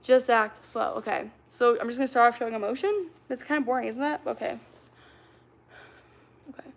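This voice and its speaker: A young woman streaming live, chatting to her viewers in a loose, rambling way with lots of "like" and "um". Her voice sits a little high, with a gravelly fry running through it. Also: fairly quick. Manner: rambling, filler-heavy, talks to chat. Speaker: livestreamer. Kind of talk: casual livestream chat.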